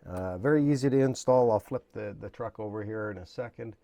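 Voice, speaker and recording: A man hosting a hobby channel, explaining a model build in a casual, rambling way with lots of fillers, his voice a little hoarse. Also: lowish voice, brisk, warm tone, dry recording. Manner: rambling, many fillers and restarts. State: slightly hoarse, losing his voice. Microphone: camera mic, at times handheld camera.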